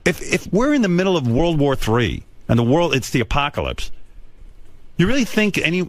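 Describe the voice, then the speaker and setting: A man's voice: fairly high pitch, wildly swooping pitch, a little fast, dry recording. A man hosting a radio show, bantering casually in a blunt, profane, teasing way.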